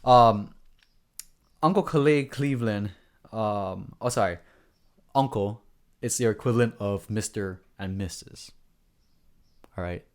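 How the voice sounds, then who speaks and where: A man's voice: lowish voice, unhurried, long pauses. Earnest rambling man with a Hawaiian accent. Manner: earnest, rambling, with frequent restarts and asides. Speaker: vlogger. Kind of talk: casual storytelling vlog.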